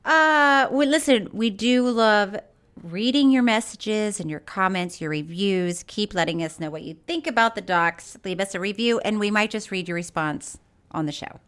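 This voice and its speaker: A woman's voice: medium pitch, moderate pace, a bit bright, clean tone. A woman co-hosting a podcast in casual chat, giggly and gushing. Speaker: podcast co-host.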